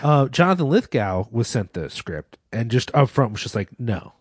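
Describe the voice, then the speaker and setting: A man co-hosting a film podcast, telling stories in an excitable, animated way and swearing freely. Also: mid-range voice, normal speed, breathy edge, no room sound, studio quality. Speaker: podcast co-host. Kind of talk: casual film discussion.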